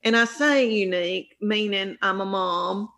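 A woman's voice: mid-range voice, measured pace, fairly bright tone. A middle-aged woman with a real Southern accent, a comedian guest chatting in an interview, folksy and rambling, often breaking off and restarting. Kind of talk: casual interview storytelling.

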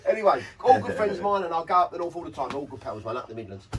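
A man's voice: fairly high pitch, very animated, racing, a loud crowd. A tired man, rambling with stumbling restarts as a podcast host. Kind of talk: casual podcast chat. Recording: distant mic with faint noise.

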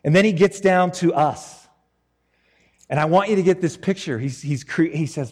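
A man preaching a sermon in an animated, joking, conversational way. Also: a little high, normal speed, in a large hall.

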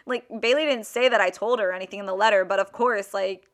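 A woman in her twenties hosting a podcast, telling a story in a casual, animated way with lots of "like". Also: medium pitch, fast. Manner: chatty, heavy use of "like", animated retelling. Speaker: podcast host.

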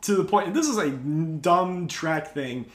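A man's voice: fairly high pitch, lively intonation, takes it slowly. A man telling a story in casual podcast chat, laid-back and profane, laughing along as he goes. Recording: echoey room.

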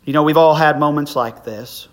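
A middle-aged man preaches a sermon, telling stories from the pulpit in a relaxed, conversational way. His voice sits a little on the high side. He builds to emphatic peaks when making a point. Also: normal speed. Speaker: pastor.

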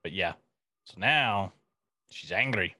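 A playful man chatting casually, his voice bright and forward with a lively, swooping pitch. The sound is dry and close, with no room around it. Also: takes it slowly, no room sound. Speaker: co-host reacting to a series. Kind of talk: casual chat.

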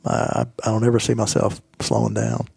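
A gravelly man in his fifties talks as a podcast guest, earnest and a little rambling, circling back over his own words. His voice is rough and breathy, and it sits close and dry with no room sound. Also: on the low side, little pitch movement, fairly quick, darkish tone, dry recording. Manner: earnest, rambling, repeats himself. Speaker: podcast guest, golf professional. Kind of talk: casual interview storytelling.

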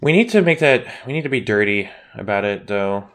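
A man's voice: lowish voice, expressive, brisk, a bit bright. Playful, campy male podcast co-host. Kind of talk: casual chat.

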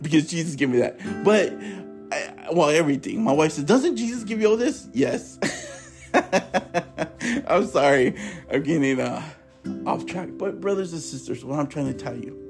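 A man's voice: fairly high pitch, creaky, darkish tone. A man hosting his own podcast, preaching in an impassioned monologue, fervent and repetitive, with emphatic, sometimes tearful stresses. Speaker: podcast host.

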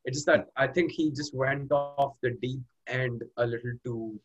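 A man's voice: mid-range voice, fairly even intonation, normal speed, highs cut off. A man co-hosting a podcast, chatting easygoingly about a TV show with stammering restarts. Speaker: podcast co-host. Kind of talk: casual chat recapping a TV show.

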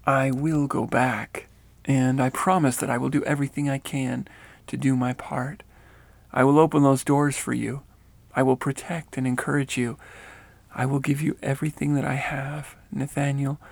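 A man's voice: mid-range voice, flat delivery, moderate pace, vocal fry, no echo. A man reading as a woman refusing to go back. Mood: vowing. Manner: pleading and protesting loudly. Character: woman refusing to return to her body.

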